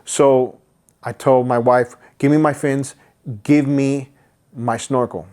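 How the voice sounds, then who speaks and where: A man telling a story on a podcast, full of energy, with plenty of restarts. He slips into high, urgent voices to act out the people in it. His pitch sits mid-range for a man. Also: slow. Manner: excitable, acts out others' voices, many restarts. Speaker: podcast guest, boating content creator. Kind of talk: animated storytelling in casual interview. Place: podcast studio.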